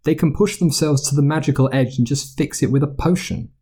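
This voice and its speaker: A man's voice: fairly high pitch, fairly quick, mellow, husky, voice pushed up. A man voicing a stern old school nurse. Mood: scolding. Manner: scolding, exasperated. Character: brisk elderly female school nurse, fussy and stern.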